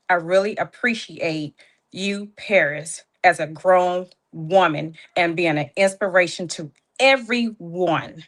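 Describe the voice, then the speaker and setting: A woman's voice: lowish voice, takes it slowly, fairly bright tone. A woman speaking as a proud mother, emotional and fighting back tears as she gives a heartfelt spoken tribute. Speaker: guest's mother giving an introduction.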